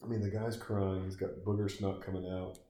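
A man's voice: low-pitched, level tone, fairly quick, mellow. A man giving crude, sarcastic comedic commentary while watching a film, swearing and mocking what he sees. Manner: profane, sarcastic, mocking asides to the screen. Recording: echoey room.

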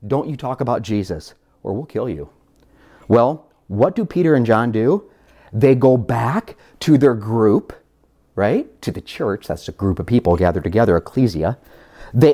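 A pastor delivers a sermon in a warm, mellow voice that swings widely in pitch. The preacher throws rhetorical questions at the congregation and repeats words while building each point. The delivery feels animated and direct.

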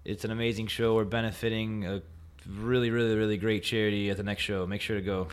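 A man's voice: fairly low pitch, little pitch movement, fast talker, clear, resonant tone. A man guesting on a podcast, telling playful stories in casual chat. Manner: playful storyteller, jokey.

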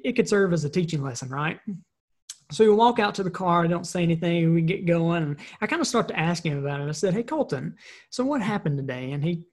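A woman giving a motivational talk, telling a personal story in an energetic, conversational way and often repeating words. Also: lowish voice. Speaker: motivational speaker.

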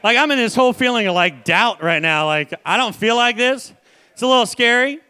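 High bright-voiced young preacher. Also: male voice, a little fast, clear, resonant tone. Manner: energetic, conversational, repeats phrases. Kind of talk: sermon.

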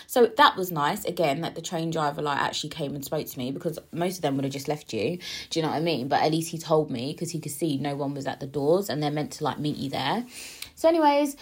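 A woman's voice: sits low, lively intonation, fast, breathy edge. A woman telling a story to her viewers in a chatty, rambling way, full of asides and filler words. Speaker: vlogger.

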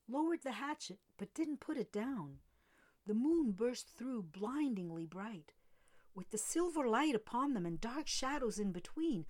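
A woman giving an expressive first-person reading from a novel, with dramatic rises and drops. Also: on the high side. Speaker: reader. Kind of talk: scripted narration of a novel.

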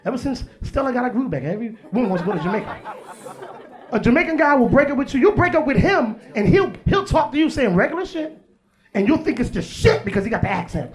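A man's voice: very high-pitched, big pitch swings, fast talker, a faint crowd. A male stand-up comedian doing a profane, punchy set on stage. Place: stage before live audience.

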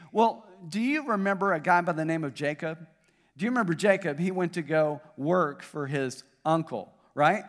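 A man's voice: sits high, animated, a little slow, a bit bright. A man pastor with a Southern US accent, preaching a sermon to his congregation, building up in intensity and then joking with the crowd. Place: church auditorium. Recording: long hall reverb.

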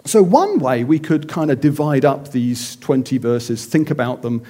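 A man's voice: mid-range voice, unhurried. A middle-aged man preaching a sermon, telling stories animatedly and acting out the voices. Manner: animated storytelling with acted-out voices.

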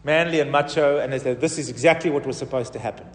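A man's voice: medium pitch, quick pace. Pastor man preaching in an echoey hall. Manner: animated storytelling, rising and falling in volume. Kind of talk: sermon testimony. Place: church hall. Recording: roomy hall reverb, distant mic.

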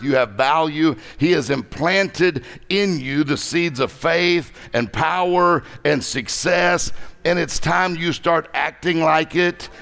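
A middle-aged man preaching a lively conference sermon, joking and exhorting the crowd. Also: on the high side, creaky.

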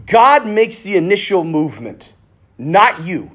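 A middle-aged priest giving a conversational sermon, telling stories and acting out bits of dialogue. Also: male voice, high voice, measured pace, slightly rough. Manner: conversational, animated, acts out quoted dialogue. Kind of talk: sermon with storytelling.

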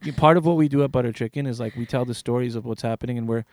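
A man's voice: mid-range voice, racing, a little mellow, slight background noise. A man hosting a podcast, asking questions in a laid-back, casual way with the odd swear word. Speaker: podcast host. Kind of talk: casual interview chat.

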